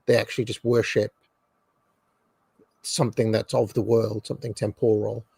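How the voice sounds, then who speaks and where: A man's voice: fairly low pitch, level tone, normal speed, creaky, mellow, husky, no echo. A man hosting a livestream podcast, chatting in a rambling way with many restarts. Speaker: podcast host. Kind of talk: casual livestream chat.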